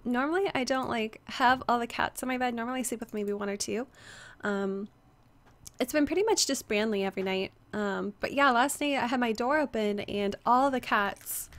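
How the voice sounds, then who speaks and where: Her voice a touch high and slightly bright, a young woman streams a game on a headset, talking easily with her audience. She says hello to viewers by name and reads chat out loud, sounding a bit strained, like she's giving her voice a rest.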